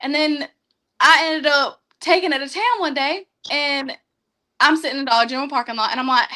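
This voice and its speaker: A young woman guest in a studio, telling funny stories in a lively, laughing way. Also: high voice, a little fast. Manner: laughing, animated storyteller. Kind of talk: casual storytelling.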